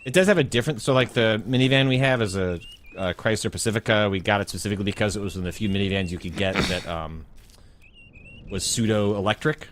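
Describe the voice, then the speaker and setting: A man's voice: lowish voice, fast, a bit bright, a little hiss or hum. A man, a podcast co-host, talking in a rambling casual way with many fillers and restarts. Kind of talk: casual chat.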